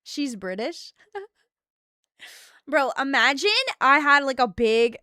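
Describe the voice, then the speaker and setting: A woman's voice: sits high, expressive, slow pace, sharp tone, no echo, clean studio sound. A woman streaming as a VTuber and chatting casually with her viewers, giggly and playfully bossy.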